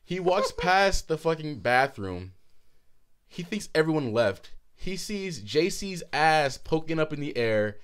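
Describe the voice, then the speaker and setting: A man in his twenties co-hosting a podcast, telling a story animatedly with frequent laughter and swearing, a bit hoarse. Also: on the high side, very animated, a little slow, fairly bright tone. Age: 20s. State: hoarse throat. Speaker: podcast co-host. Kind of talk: casual chat.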